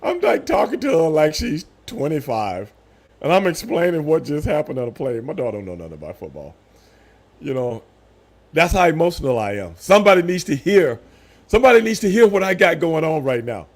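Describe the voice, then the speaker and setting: A man in his fifties chats on a live stream. His voice sits a little high and moves all over the place as he tells stories. He acts out the loud moments. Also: brisk. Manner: animated storytelling, loud voiced outbursts. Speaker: streamer host. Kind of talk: casual live-stream chat.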